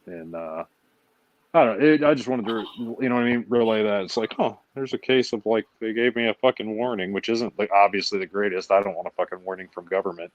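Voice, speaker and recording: Low-voiced guy telling a story, cussing a lot, muffled lo-fi sound. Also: fast. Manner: profane, animated storytelling with acted-out quotes. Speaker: show host. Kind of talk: casual chat. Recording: dull lo-fi sound, dry.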